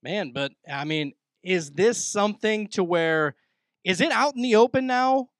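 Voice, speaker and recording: A man's voice: high voice, lively intonation, a little slow, fairly bright tone, dry recording, clean studio sound. A man hosting a podcast in loose casual chat, swearing and saying "dude" a lot. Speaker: podcast host.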